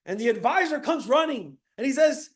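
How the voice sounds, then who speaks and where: A man from Miami giving a high-energy motivational talk to an audience, repeating key phrases and asking the crowd questions. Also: animated, normal speed. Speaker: motivational speaker.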